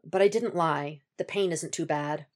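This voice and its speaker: A woman voicing a hurt, wary young man who speaks softly and hesitantly, his voice cracking, in a storybook reading. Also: low-pitched, moderate pace, natural voice. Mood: shaken. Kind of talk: audiobook reading of fan fiction.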